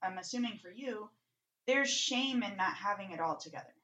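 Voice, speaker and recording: A woman's voice: mid-range voice, animated, normal speed, sharp tone, poor audio. A woman co-hosting a casual podcast in a mid-range voice. She talks bluntly and outspokenly, swearing casually as she makes her points. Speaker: podcast co-host.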